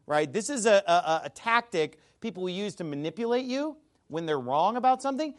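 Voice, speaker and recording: Man, high and very lively voice, scornful Bible commentator who stammers and shouts. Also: a little fast. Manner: emphatic, scornful, repeats words, bursts into shouting. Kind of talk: animated video monologue.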